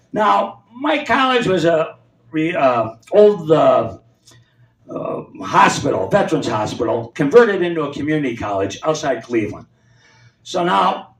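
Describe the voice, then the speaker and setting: A man in his seventies telling rambling stand-up anecdotes on a comedy club stage and acting out the voices of people in his stories. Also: fairly high pitch. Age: 70s. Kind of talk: stand-up storytelling. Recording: roomy club sound from far off.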